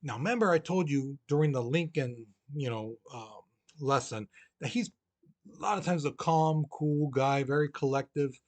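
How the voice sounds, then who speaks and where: A man's voice: on the high side, moderate pace. A man teaching a history lesson to students in a casual, chatty way, often saying "you know" and speaking straight to the class. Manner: acts out historical figures in lively voices; talks straight to students and encourages them. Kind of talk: recorded classroom lecture.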